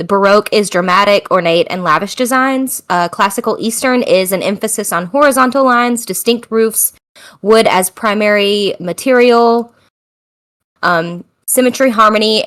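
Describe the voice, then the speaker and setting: A woman's voice: mid-range voice, fairly bright tone. An American woman hosting a podcast in casual chat, tired, chatty and self-mocking, laughing often. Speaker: podcast host.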